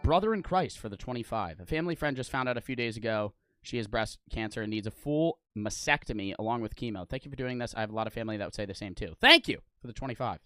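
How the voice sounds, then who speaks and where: A young man streaming live, reacting to videos and reading out donations in a loud, blunt, heavily profane way, often breaking into awkward laughter. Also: medium pitch, animated, fast talker, soft background music.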